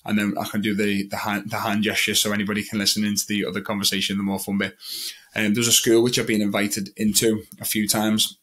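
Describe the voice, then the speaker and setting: A man's voice: fairly low pitch, flat delivery, fast talker, a bit bright. A young man, a magician talking about his own past as an interview guest, rambling a little and quoting his own thoughts. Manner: rambling, with many restarts and quoted thoughts. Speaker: guest, magician and mental health advocate. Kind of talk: candid personal storytelling in an interview.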